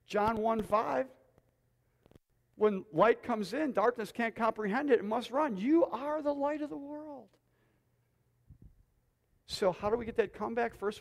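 A man preaches to a church congregation with an unusually high, gravelly voice, pushing close to a yell out of sheer excitement. His words ring out with a long reverb through the sanctuary. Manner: excited, near-yelling exhortation. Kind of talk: sermon.

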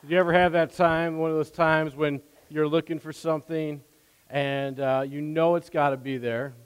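A man's voice: a little high, level tone, normal speed, clean tone, long reverb tail. A man preaching a sermon as pastor, casual and full of fillers, building in force.

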